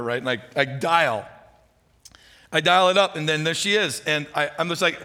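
A man preaches a sermon in a chatty, storytelling way, often turning to ask his listeners questions. His voice sits a little high and sounds bright and forceful. A long reverb trails behind him in a large hall. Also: normal speed, clear, resonant tone. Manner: conversational storytelling, asks the audience questions. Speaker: pastor.

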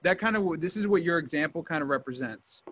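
A man's voice: fairly high pitch, lively intonation, fairly quick, fairly bright tone, dull audio, slight background noise. A man hosting a podcast, telling a story in casual chat and acting out both sides of a call. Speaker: podcast host.

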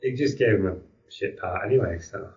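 A man's voice: deep voice, a little fast, a little mellow. A man making blunt, short remarks in a casual film chat. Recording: distant, echoey lo-fi mic.

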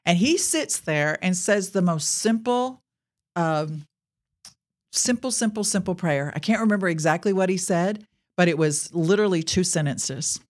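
A woman's voice: fairly low pitch, lively intonation, moderate pace. A woman telling a personal faith testimony in a podcast, speaking earnestly and addressing her listeners directly. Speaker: Christian speaker sharing a testimony.

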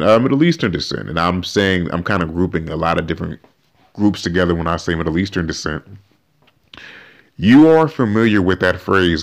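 A man hosting a podcast, giving animated, emphatic opinion commentary and often restarting his sentences. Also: deep voice, brisk. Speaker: podcast host.

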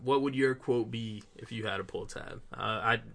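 A man's voice: medium pitch, moderate pace, gravelly, a bit bright. A man hosting a podcast in casual banter, laid-back and teasing, laughing easily. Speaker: podcast host.

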